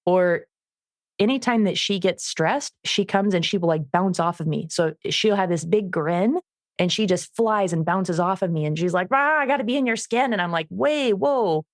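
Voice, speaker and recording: A woman with a somewhat low voice co-hosts a casual podcast, recorded dry and close. She tells animated stories about her dog and gives the dog its own voice. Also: moderate pace, dry recording. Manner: animated storytelling, acts out her dog's voice. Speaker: podcast co-host, dog trainer. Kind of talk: casual chat.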